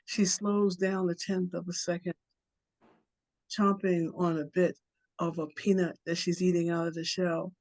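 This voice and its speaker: A woman's voice: fairly low pitch, little pitch movement, normal speed, darkish tone. Woman poet at an open mic, reading a story poem, rhythmic and chatty. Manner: rhythmic, conversational storytelling delivery. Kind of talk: poetry reading.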